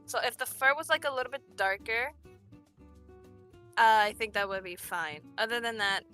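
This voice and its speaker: Bright-voiced relaxed woman. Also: on the high side, normal speed, soft background music. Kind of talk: casual stream chat.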